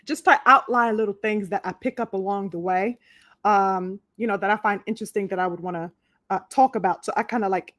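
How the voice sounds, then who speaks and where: A woman with a medium-pitched voice hosts a live podcast in clean, studio-quality sound with no echo. She's chatty and casual, full of fillers and restarts, and greets viewers by name.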